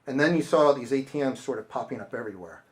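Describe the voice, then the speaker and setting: A middle-aged author, an expressive fast talker with a mid-range voice, tells stories to a bookstore audience and acts out the people he quotes. The setting is a bookstore event space, with a casual talk and audience Q&A.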